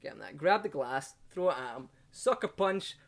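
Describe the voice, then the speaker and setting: A man's voice: on the high side, moderate pace, creaky, a crowd in the background. A man hosting a casual podcast, telling stories with lots of swearing. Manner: sweary, animated storyteller. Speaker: podcast host.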